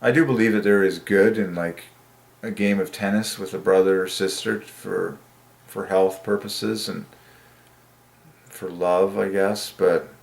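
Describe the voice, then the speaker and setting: A man's voice: low voice, steady tone, measured pace, vocal fry. A man giving a casual, earnest reflection on the Bible, rambling and candid, often laughing and saying "like.". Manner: earnest, emotional. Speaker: Christian video maker.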